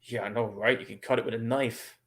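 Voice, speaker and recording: A man's voice: medium pitch, fairly even intonation, brisk, a bit bright. Laid-back man swearing casually. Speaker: podcast co-host. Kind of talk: casual movie commentary.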